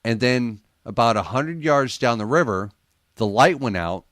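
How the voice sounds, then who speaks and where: A man of medium pitch spins a story for a radio interview, his voice rising and falling in a lively, swinging way. He often laughs and mimics other people as he goes, and the studio sound is close and dry. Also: unhurried, dry recording. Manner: animated storyteller, laughs often, acts out quotes. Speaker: paranormal investigator guest.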